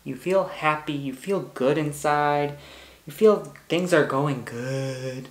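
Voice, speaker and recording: A man's voice: a little high, slow, echoey room. A man giving a pick-a-card tarot reading, bubbly and hyper, gushing and repeating words. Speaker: tarot reader.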